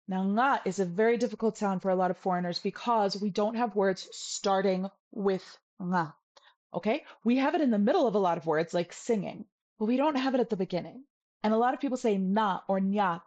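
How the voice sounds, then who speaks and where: A woman's voice: mid-range voice, a little mellow. Woman, online language teacher, playful and patient, medium voice, drills sounds over and over. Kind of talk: upbeat video lesson.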